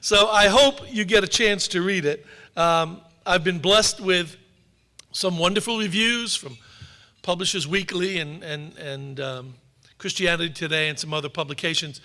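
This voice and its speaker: A man's voice: sits high, moderate pace, sharp tone. A man who is an author giving a public talk to an audience, telling wry anecdotes. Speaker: author and speaker. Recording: long hall reverb.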